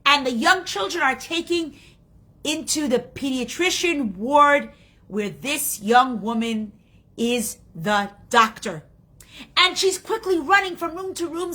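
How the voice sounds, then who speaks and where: A woman's voice: high-pitched, expressive, slow, sharp tone. A woman teaching a Torah class, telling a story in an earnest, emotional way. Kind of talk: storytelling lesson.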